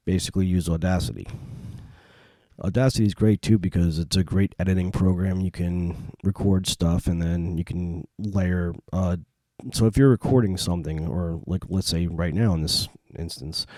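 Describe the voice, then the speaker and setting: Low-voiced man rambling on a podcast. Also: dry recording. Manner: rambling, relaxed, many fillers. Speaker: podcast host. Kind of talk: casual solo podcast talk. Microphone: home podcast mic.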